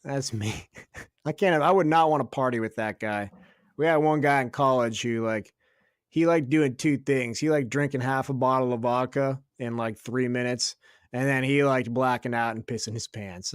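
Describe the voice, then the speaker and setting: A man's voice: medium pitch, clean tone, no room sound, studio quality. A young man co-hosting a podcast, telling a story in casual chat, swearing freely and laughing as he goes. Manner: profane, laughing storyteller doing quick voices of others. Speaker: podcast co-host.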